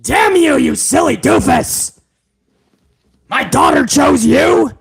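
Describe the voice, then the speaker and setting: A man's voice: very high voice, lively intonation, takes it slowly, gravelly, voice pushed up, heavily acted. A man putting on an impression of a blustering older male wrestling boss who barks orders and calls people doofus. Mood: ranting. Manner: shouting, barking orders, insulting.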